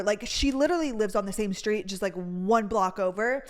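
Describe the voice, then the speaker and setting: A young woman hosting a podcast, telling a story in a chatty, animated way and saying "like" a lot. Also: medium pitch, normal speed. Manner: chatty, heavy on "like," animated retelling. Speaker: podcast host. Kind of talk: casual storytime chat.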